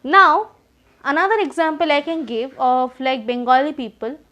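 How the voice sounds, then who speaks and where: Woman trainer, high voice, reassuring explainer who rephrases as she goes; video lesson delivery. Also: moderate pace, pushed and bright. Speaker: English-speaking trainer.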